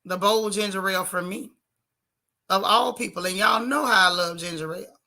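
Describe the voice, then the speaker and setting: A woman's voice: mid-range voice, normal speed, sharp tone. A woman hosting a casual livestream, reading chat comments aloud and teasing her viewers. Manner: chatty, teasing, dramatic exclamations. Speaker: vlog host reading chat.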